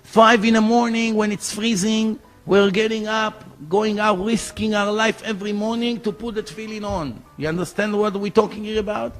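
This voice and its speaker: A male rabbi with a high voice tells stories in a sermon at a moderate pace with few pauses, soft background music underneath. He speaks English with non-native grammar slips and animatedly acts out the voices of the people in his stories.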